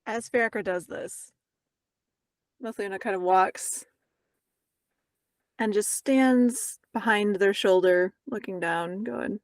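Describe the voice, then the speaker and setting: A woman's voice: medium pitch, slow pace, pauses often, dry recording. A woman playing a tabletop game who describes her character's actions in the third person. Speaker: player.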